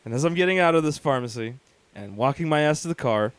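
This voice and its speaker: A man, co-hosting a podcast, telling profane stories in an animated way with laughter. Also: medium pitch, fast talker, smooth, no room sound. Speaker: podcast co-host. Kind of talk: casual chat, storytelling.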